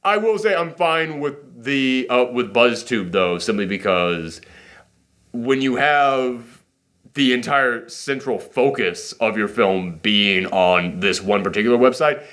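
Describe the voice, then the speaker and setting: A man's voice: medium pitch, lively intonation, takes it slowly, fairly bright tone. A man hosting a casual movie reaction chat, rambling and self-deprecating, with a runny nose. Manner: rambling, self-deprecating, acts out quotes in silly voices.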